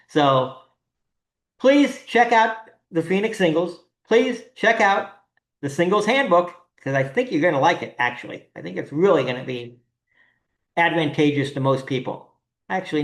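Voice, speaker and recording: Blunt, swearing podcast host in an echoey room. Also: medium pitch. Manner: blunt, profane, ranting. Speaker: singles event organizer, podcast host. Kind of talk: casual podcast monologue. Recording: roomy echo.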